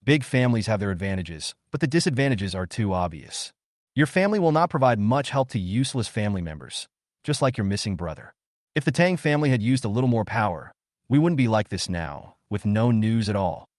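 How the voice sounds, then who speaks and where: A calm, smiling young man who sounds self-assured, with a fairly low voice and lively pitch, in a storybook comic reading as a man puts him on. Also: brisk, no room sound, clean studio sound.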